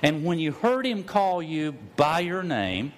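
A middle-aged man preaching a sermon, telling stories at an easy pace, slowing down to stress key words and sometimes rising to a loud cry. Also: fairly high pitch, sing-song. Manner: storytelling preacher, slows for emphasis, rises to loud cries. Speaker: pastor.

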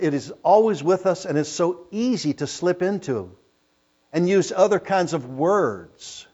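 A man preaching a sermon, reading scripture with rising emphasis and loud, drawn-out phrases. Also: fairly high pitch, lo-fi sound.

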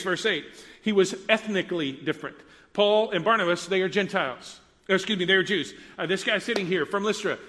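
A man's voice: high-pitched, a bit bright. A man preaching a sermon as pastor, talking conversationally and turning to ask the congregation questions. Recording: preached in a reverberant church hall.

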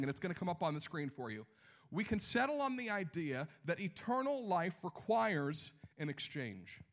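A man preaching a sermon, animated, swinging between loud outbursts and hushed lines. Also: high-pitched. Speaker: pastor.

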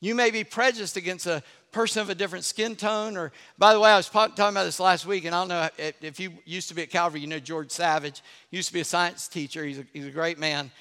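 A man from Charleston preaching a sermon as pastor, telling stories with animated energy and dropping to a hush for effect. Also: high-pitched, fast, few pauses. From Charleston, South Carolina. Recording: long hall reverb.

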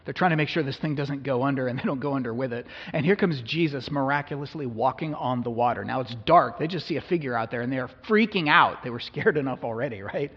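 A man's voice: mid-range voice, quick pace, hardly any pauses, fairly bright tone, slightly rough. A male pastor preaching a sermon in a conversational way, often asking his listeners questions. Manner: conversational, asks the congregation questions. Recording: echoey hall, dull lo-fi sound.

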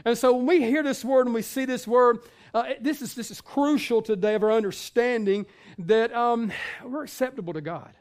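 A man's voice: very high voice, moderate pace. A male pastor giving a sermon in a conversational way, with many fillers and restarts.

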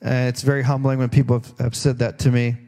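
A man's voice: mid-range voice, flat delivery, fast talker, warm tone. A middle-aged man preaching a sermon in a folksy, conversational way, often restarting his sentences. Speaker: pastor.

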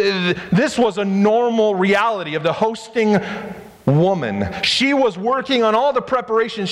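A male pastor preaching a sermon in an animated, rhetorical way, repeating phrases for emphasis. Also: high-pitched. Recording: long hall reverb.

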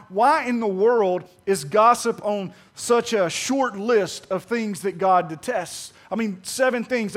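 A man with a notably high voice preaches a sermon in a church sanctuary. He tells stories in a conversational way and acts out the dialogue. He keeps turning to the congregation with questions. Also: fairly bright tone. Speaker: pastor.

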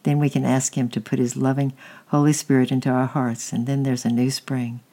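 A reader voicing a kind, patient aunt who gently comforts and coaxes a child and preaches a little. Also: mid-range voice, level tone, a little fast, natural voice. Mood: gently preaching.

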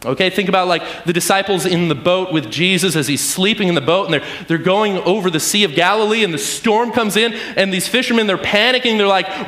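A man giving a relaxed, chatty sermon, checking in with his listeners again and again. His voice sits fairly high. It rings in an echoey room. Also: brisk, hardly any pauses. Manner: conversational, keeps asking "right?". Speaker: preacher. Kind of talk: casual sermon.

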